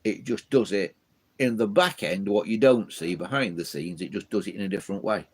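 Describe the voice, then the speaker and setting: A man's voice: fairly low pitch, brisk, husky. A man hosting a live stream from his loft, rambling chattily as he reads out viewer comments. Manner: rambling, chatty, many fillers and restarts. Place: home loft full of old telephones.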